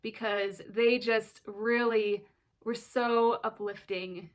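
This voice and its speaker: A woman's voice: a little high, fairly even intonation, slow. Earnest, emotional young mother. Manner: earnest and emotional, close to tears at times. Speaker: mother of twin daughters sharing her story. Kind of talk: personal vlog, candid storytelling.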